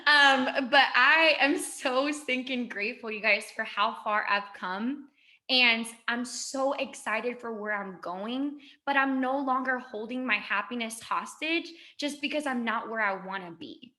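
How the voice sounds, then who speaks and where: A woman's voice: fairly high pitch, sharp tone. A woman in her twenties giving an emotional, chatty motivational talk on a video call. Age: 20s. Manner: gushing, emotional, fast and chatty. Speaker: guest speaker.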